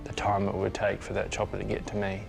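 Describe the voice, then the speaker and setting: Gravelly low-voiced soldier recalling. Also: male voice, completely flat delivery. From New Zealand. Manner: plain-spoken, halting with fillers. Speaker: interviewee, injured soldier. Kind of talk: TV interview recollection. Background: music underscore.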